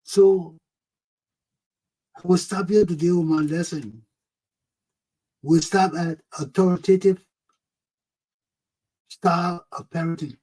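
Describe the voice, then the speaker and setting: A man with a fairly high voice tells a personal story as a talk show host. He is animated and keeps coming back to "oh, man", then turns into a lecture on parenting. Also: slow pace, long pauses, rough recording.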